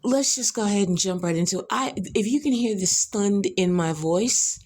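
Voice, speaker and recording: A woman's voice: mid-range voice, normal speed, darkish tone, slightly rough. Profane, exclamatory woman podcast host. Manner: profane, exclamatory, repeats herself. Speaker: podcast host reacting to a video. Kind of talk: rambling reaction commentary.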